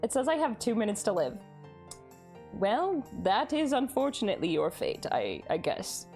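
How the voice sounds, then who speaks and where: A woman's voice: mid-range voice, sing-song, moderate pace, darkish tone, soft background music. A young woman streaming live, chatting casually, giggling and greeting her viewers as she reads chat.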